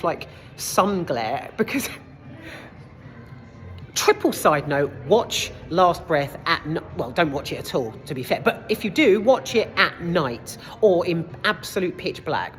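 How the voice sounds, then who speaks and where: A woman giving a casual, rambling film review in a cinema foyer, full of side notes and the odd swear word. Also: low voice.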